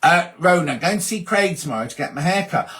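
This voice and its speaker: A man's voice: a little high, expressive, brisk. A man hosting a casual live-stream chat, reading out viewer comments and answering them one by one. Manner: chatty, reads out comments and answers them warmly. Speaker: host.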